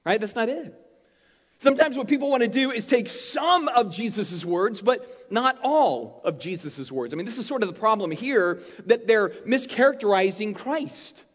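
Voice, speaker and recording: A man preaching a sermon as pastor, talking in an animated, conversational way and checking in with his listeners often. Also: sits high, normal speed, few pauses. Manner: conversational, animated preaching with frequent "right?" tags. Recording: muffled, long hall reverb.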